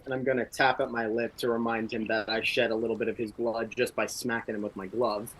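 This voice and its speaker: A man's voice: medium pitch, level tone, brisk, hardly any pauses, fairly bright tone, husky, rough recording. A man playing a tabletop game, describing his character's actions and laughing often. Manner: laughs often, shifts into a proud warrior voice. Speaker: player. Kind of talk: tabletop role-play, narrating his character.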